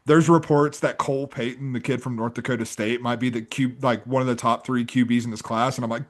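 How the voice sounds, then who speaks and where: A man talking college football on a podcast, loose and conversational. His voice sits in an ordinary middle pitch. He runs fast through his points and laughs readily. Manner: quick, animated, laughs often, says "like" a lot. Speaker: podcast co-host. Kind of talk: casual sports chat.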